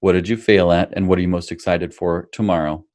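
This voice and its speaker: A man's voice: low voice, steady tone, fairly quick, darkish tone, no room sound, studio quality. A man hosting a podcast interview over a video call, affirming his guest and thoughtfully recapping his points. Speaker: podcast host, physician. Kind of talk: casual interview conversation.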